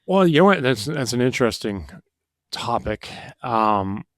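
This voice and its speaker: A man's voice: medium pitch, very animated, measured pace, no room sound, clean studio sound. A man talking as a podcast guest, emphatic and full of restarts and "you know". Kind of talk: casual conversation.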